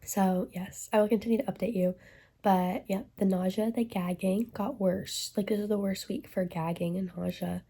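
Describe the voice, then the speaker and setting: A woman's voice: mid-range voice, steady tone, moderate pace, mellow, breathy edge. A young woman vlogging candidly about her pregnancy, nauseous and stuffy, chatting loosely with lots of "like" and "um" into a phone held at arm's length. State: nauseous and congested. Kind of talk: casual pregnancy vlog.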